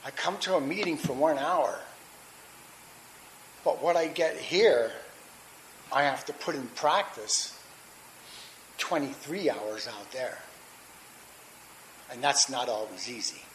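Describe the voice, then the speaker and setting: A man's voice: mid-range voice, fairly bright tone, poor audio. A middle-aged man telling his recovery story at a meeting, candid and rambling, with restarts and fillers. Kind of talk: personal testimony at a recovery meeting. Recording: faint hiss.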